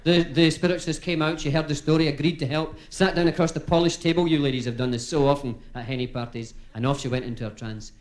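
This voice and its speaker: A man's voice: fairly high pitch, steady tone, fast talker, hardly any pauses, darkish tone. A male stand-up comedian from Dundee with a Dundee Scottish accent, telling chatty jokes to a live crowd. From Dundee, Scotland. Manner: chatty, punchline-driven storytelling to a crowd.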